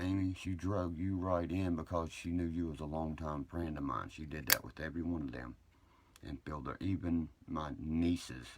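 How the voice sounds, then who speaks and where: A man, rambling profanely on a live stream, moving between angry rants and quiet apologies. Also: background noise. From West Virginia. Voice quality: deep gravelly voice. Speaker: social media live streamer.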